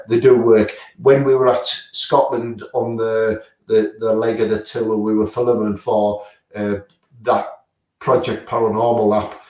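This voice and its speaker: A man's voice: lowish voice, a little mellow, recorded from a distance. A man, a guest paranormal investigator, answering casually with many fillers and restarts. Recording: roomy sound, away from the mic.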